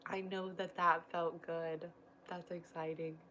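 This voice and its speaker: Slow-talking, low-voiced woman livestreamer. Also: level tone, fairly bright tone, a little hiss or hum, rough recording. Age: 30s. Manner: chatty and emotional, laughs often, loose rambling phrasing. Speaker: livestream host and mother. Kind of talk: casual livestream chat, reading viewer comments.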